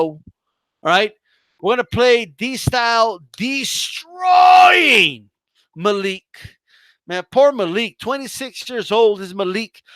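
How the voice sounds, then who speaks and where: A man hosting a boxing livestream, talking in a loud, mocking, hyped way and swearing freely. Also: high voice, no room sound, clean studio sound. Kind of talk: casual livestream rant.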